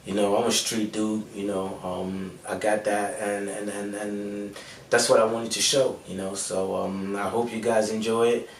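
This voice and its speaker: A man's voice: lowish voice, flat delivery, measured pace. A young man with an American-sounding accent, a rapper and producer answering interview questions in a laid-back way, with many fillers and restarts. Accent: American-sounding English. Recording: roomy echo, mic at a distance, faint background hum.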